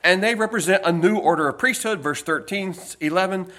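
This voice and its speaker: A man preaching a sermon from the pulpit in a church, emphatic, with loud stressed phrases and quiet asides. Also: sits high, brisk. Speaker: pastor.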